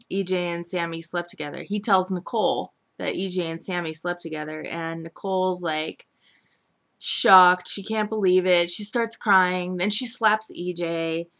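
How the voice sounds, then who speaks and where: Chatty young woman with a bright voice. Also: lowish voice. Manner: chatty, many "like" and "um" fillers, mimics characters. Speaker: soap opera recap host. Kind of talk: casual recap chat.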